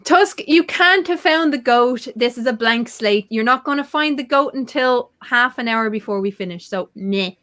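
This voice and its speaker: Bubbly woman hosting a live chat show, fairly high voice, quick to laugh. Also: expressive, fairly bright tone. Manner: bubbly, chatty, laughs often. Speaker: host. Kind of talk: casual livestream chat.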